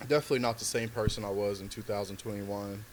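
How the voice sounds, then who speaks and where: Man, podcast guest, slangy laid-back storytelling, lowish voice, faint hiss. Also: steady tone, quick pace. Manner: loose slangy talk full of "like" and "bro". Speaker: comedian guest. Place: podcast studio.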